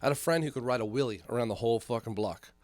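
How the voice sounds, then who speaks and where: A man's voice: medium pitch, racing, no room sound. A man telling a long story in casual chat as a podcast co-host, swearing often and acting out the voices of the people in it. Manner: animated storyteller, heavy swearing, acts out voices.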